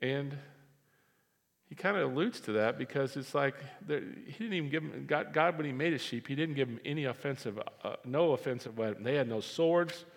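A man preaching a sermon as pastor, animated and repeating phrases for emphasis. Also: mid-range voice, fairly quick, vocal fry. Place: church sanctuary. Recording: reverberant hall.

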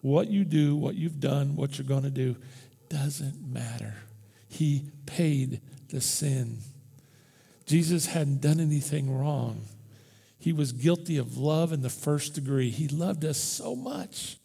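A man preaching to his church, his voice gravelly and fairly high for a man, with a dark, mellow tone. He talks in a casual, passionate way, rising to loud bursts and dropping to near-whispers. The sound carries a long reverb from the hall. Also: slow pace. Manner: impassioned, conversational, swings from loud to hushed. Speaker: pastor. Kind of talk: Easter sermon.

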